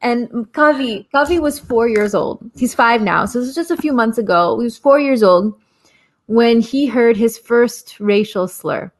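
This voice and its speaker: A woman in her forties with a slightly high voice, speaking earnestly and with passion. She tells her story in a rhythmic, repetitive cadence, often returning to the same phrases. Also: unhurried. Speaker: guest speaker, activist. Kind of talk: impassioned storytelling in conversation.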